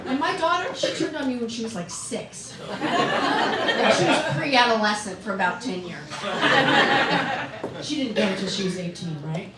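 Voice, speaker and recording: With the audience laughing loudly around her, a middle-aged woman works a comedy club stage, mocking herself in a chatty way and quizzing the crowd. Her voice is fairly high, at normal speed, with frequent pauses. The sound is very noisy, captured by a distant mic in an echoey club.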